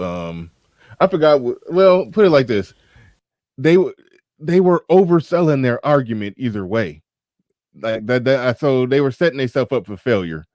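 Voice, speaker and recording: A man's voice: mid-range voice, darkish tone, no room sound. A man hosting a casual livestream chat, rambling and often restarting his sentences, into a studio mic with a pop filter. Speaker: host.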